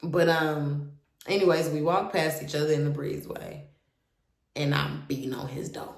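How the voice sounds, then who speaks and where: A woman's voice: deep voice, fairly even intonation, moderate pace, gravelly. A young woman animatedly telling her own story to viewers, candid and swearing freely. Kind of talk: casual storytime monologue. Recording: roomy echo.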